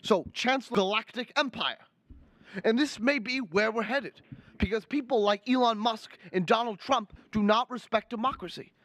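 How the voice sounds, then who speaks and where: A man's voice: very high-pitched, normal speed, a bit bright, dry recording. A young man putting on an indignant older male senator with a Brooklyn accent, lecturing and repeating his outrage in a comic political impression. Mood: ranting. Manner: ranting, finger-wagging, repeats outrage lines. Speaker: student livestream presenter.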